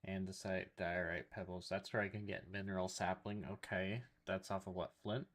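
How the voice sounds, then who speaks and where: Low-voiced man muttering through gameplay. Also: flat delivery, normal speed. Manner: muttering to himself while looking things up; addresses chat. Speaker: streamer. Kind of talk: casual gameplay commentary.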